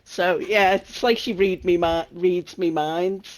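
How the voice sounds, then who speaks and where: A man with a Scouse accent chatting and joking on a gaming podcast. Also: high-pitched. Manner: jokey, laughing often. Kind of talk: casual chat.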